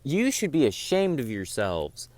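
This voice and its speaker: A man's voice: medium pitch, huge pitch swings, measured pace, darkish tone, no echo. A young man voicing a stern female school bus driver who scolds kids, in his own everyday voice. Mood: scolding.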